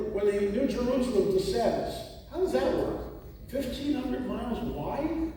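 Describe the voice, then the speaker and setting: A man giving a talk to a live audience, animated and full of rhetorical questions. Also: sits high, slight background noise. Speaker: conference speaker. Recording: echoey hall recording from far off.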